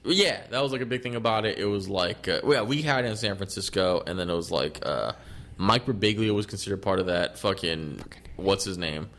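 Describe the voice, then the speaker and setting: A man's voice: deep voice, lively intonation, brisk, a bit bright. A man co-hosting a podcast in casual chat, rambling and profane, often laughing and restarting his sentences. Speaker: podcast co-host.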